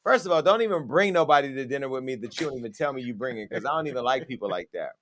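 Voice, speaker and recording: A man's voice: medium pitch, expressive, racing, a bit bright. A man hosting a talk show, speaking bluntly and joking in casual chat with his co-hosts. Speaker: host.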